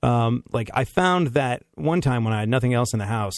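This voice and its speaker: A man's voice: mid-range voice, animated, moderate pace, no echo, clean studio sound. A man hosting a casual comedy podcast, rambling through stories with frequent laughs and restarts. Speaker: podcast host.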